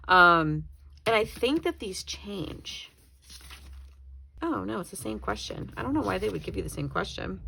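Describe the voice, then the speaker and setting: This planner YouTuber's flip-through is chatty and meandering, full of self-corrections, with a short tearful stretch. She has a fairly low, expressive voice with vocal fry, pushed and bright, at a moderate pace.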